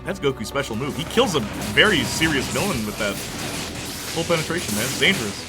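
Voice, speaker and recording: A man's voice: mid-range voice, fairly quick. Rambling young man commenting on gameplay. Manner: rambling, joking, animated storytelling. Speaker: let's play host. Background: game music.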